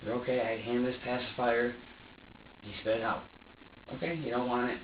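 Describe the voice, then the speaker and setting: A man's voice: medium pitch, steady tone, moderate pace. A man in his twenties giving an agitated, profane and rambling police interrogation statement, full of restarts. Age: 20s. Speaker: suspect being interviewed. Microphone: room camera from a distance. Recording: roomy, distant, dull lo-fi with faint noise.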